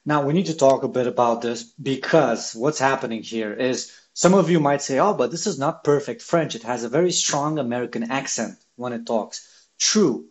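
Excited man hosting a tech video. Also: medium pitch, moderate pace. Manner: excited, emphatic. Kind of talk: casual commentary to viewers.

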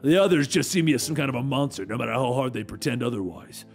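A man voicing a brash, aggressive mutated male dog who talks loudly and taunts, often shouting. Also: mid-range voice, expressive, fast talker, faint music behind, lightly acted. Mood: bitter.

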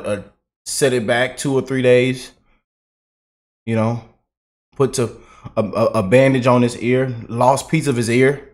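A man's voice: mid-range voice, a little mellow. A man giving casual political reaction commentary, chatty and loose, laughing often and repeating himself.

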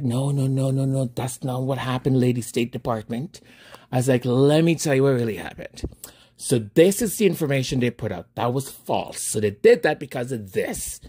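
This podcast host has a mid-range, slightly rough voice and narrates a story in a relaxed monologue. He's animated and laughs often, performing both speakers in the exchange he describes.

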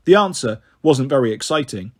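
Husky man reading a novel aloud. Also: mid-range voice, moderate pace. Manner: steady storytelling with character voices. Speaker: audiobook reader.

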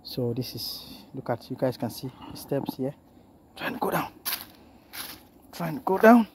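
A man's voice: medium pitch, normal speed, noisy background. A man walking through a forest outdoors, filming a vlog and talking to his viewers, often calling them "guys" and repeating himself. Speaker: vlogger. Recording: clear music under the voice.

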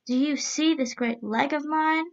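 A woman voicing a huge male monster who boasts in a booming voice while reading a storybook aloud, on a dull lo-fi recording. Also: a little slow. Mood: taunting. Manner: booming, repeated taunting questions.

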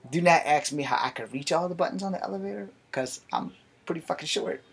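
Husky man telling a profane story. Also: a little high, fast talker. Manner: animated, profane, conversational. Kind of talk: casual live-streamed storytelling.

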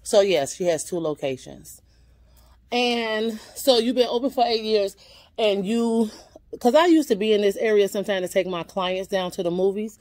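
A woman's voice: medium pitch, moderate pace, darkish tone. A woman hosting a casual shopping vlog, chatty and upbeat as she talks straight to her viewers while touring an indoor boutique on a handheld camera. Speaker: vlogger touring a store.

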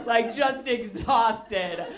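A woman's voice: fairly high pitch, extremely slow, heavy background noise. A woman performing a stand-up comedy set on a club stage, bubbly and self-mocking. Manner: bubbly, self-mocking, acts out quoted voices. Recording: echoey club, loud audience laughter.

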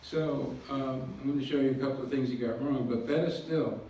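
Briskly and with fairly even intonation, a man with a warm, mid-range voice leads a public slide lecture, explaining step by step and teasing himself. Recorded far off in an echoey hall, the audio has slight background noise.

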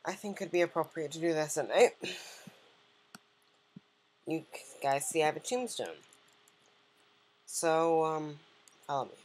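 A woman's voice: low-pitched, lively intonation, measured pace, long pauses, darkish tone, slight background noise. A woman giving casual, joking let's-play commentary and chatting to the game's characters. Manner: joking, rambling, talks to game characters.

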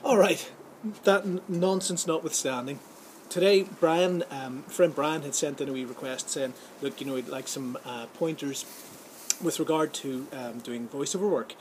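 A man's voice: fairly high pitch, normal speed, rough recording. A man hosting a vlog, talking casually and jokily to camera with a rambling, filler-heavy delivery. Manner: chatty and jokey, many fillers and restarts. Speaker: vlog host giving film and voiceover tips. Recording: clear background ambience noise.

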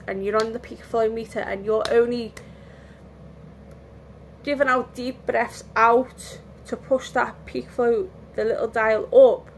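A woman talks slowly and loosely from home in a casual vlog, worn out and given to restarts. Her fairly high voice has a gravelly edge, with a faint hiss underneath. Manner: rambling, candid, restarts often. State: tired, yawning. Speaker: vlogger. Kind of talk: casual lockdown vlog chat.

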